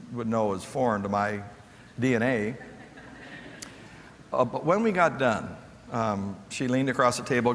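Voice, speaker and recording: A male motivational speaker tells stories on stage and acts out the voices of the people in them. His voice sits at a middle pitch. A long reverb trails each phrase, as in a big hall. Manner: animated storyteller acting out quoted voices. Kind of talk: storytelling keynote talk.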